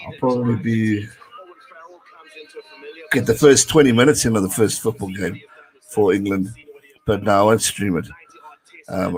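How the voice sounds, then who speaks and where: A man's voice: fairly low pitch, poor audio. A young man giving casual live watch-along commentary on a rugby match, chatting with viewers and reading out their messages.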